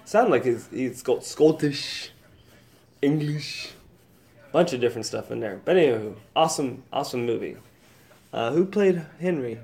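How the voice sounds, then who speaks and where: A man's voice: medium pitch, a little slow, a little mellow. Rambling man hosting a solo podcast. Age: adult, old enough to be married. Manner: rambling, swears freely, thinks aloud. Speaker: podcast host. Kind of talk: casual solo podcast chat.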